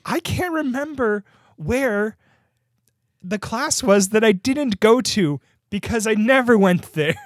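A man co-hosting a casual podcast, drawling slowly and a touch high in pitch. He rambles, jokes at his own expense and swears freely. The sound is close and dry. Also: lively intonation, dry recording. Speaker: podcast co-host. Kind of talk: casual chat.

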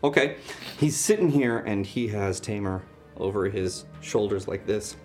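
A man running a tabletop game as game master, narrating with lively storytelling. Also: on the low side, a little slow, soft background music.

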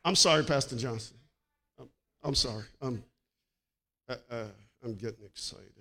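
A man who is a pastor, preaching fervently at a funeral service and then making announcements, building up to exclaiming shouts. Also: medium pitch, normal speed. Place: church.

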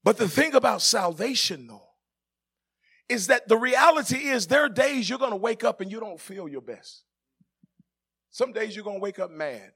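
A middle-aged male pastor, preaching a sermon that swings from soft, joking asides to the congregation to shouted climaxes. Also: a little high. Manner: jokes with the congregation, laughing.

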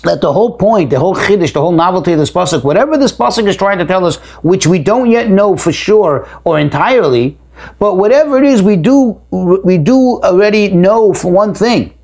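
Male teacher with a higher voice who works through a text phrase by phrase and repeats words as he thinks. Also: a little fast. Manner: reads a phrase aloud, then explains it in plain words; repeats words while thinking, lively rises for emphasis. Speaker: Torah teacher. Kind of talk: line-by-line text study lesson.

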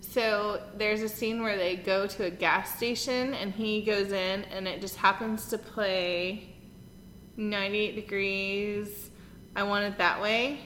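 A woman's voice: mid-range voice, steady tone, slow pace, a bit bright. A woman in her thirties co-hosting a casual chat, bubbly and giggly as she retells things. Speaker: podcast co-host. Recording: roomy reverb with faint noise.

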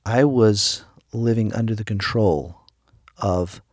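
A man's voice: on the low side, slow, darkish tone, no room sound, clean studio sound. A middle-aged man preaching a devotional sermon, telling a personal story and quoting the people in it. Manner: storytelling, quotes people in his own raised voice. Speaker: pastor.

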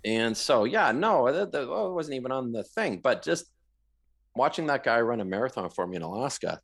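A man from Canada, a guest in an interview, telling his story in a rambling, animated way, often repeating words. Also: mid-range voice, a little fast, creaky.

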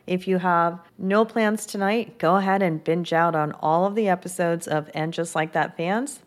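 A woman with a slightly low-pitched voice hosts her own podcast and talks straight to her listeners. She recaps an episode in a chatty, upbeat manner and voices the characters' lines as she tells the story. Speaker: podcast host. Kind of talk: casual solo podcast recap.

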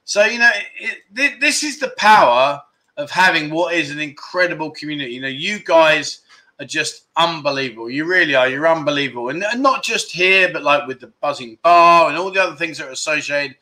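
In Pattaya, Thailand, a man hosts a casual livestream, reading out viewer donations. His voice is on the high side, animated, fairly quick, pushed and bright, and he thanks viewers gratefully, restarting a lot.

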